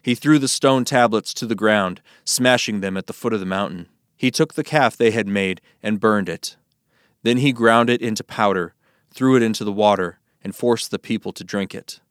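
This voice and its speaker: A man reading scripture aloud in a measured, solemn narration. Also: lowish voice, no echo, clean studio sound. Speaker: scripture reader.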